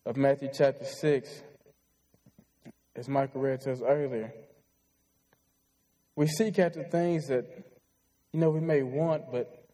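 A man's voice: on the high side, dark tone, poor audio. A man in his twenties preaching a sermon, telling a heartfelt personal story in an earnest way. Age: 20s.

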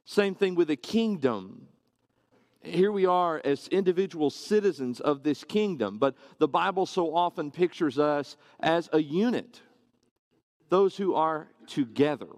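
A man's voice: on the high side, lively intonation, measured pace, a little mellow, dry recording. A man preaching a sermon to his congregation, earnest and conversational, often asking rhetorical questions.

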